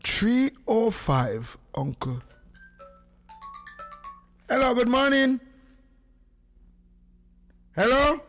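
A Jamaican man hosting a radio live stream, excitable and quick, calling hello again and again. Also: very high voice, soft background music. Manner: excitable, rapid, calls hello over and over. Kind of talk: casual live-stream chat.

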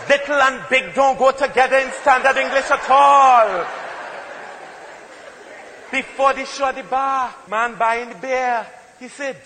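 A Trinidadian man on stage doing stand-up comedy, his voice very high and bright with a forceful edge. He tells stories with playful emphasis, and the sound rings with long hall reverb over faint background noise. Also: normal speed.

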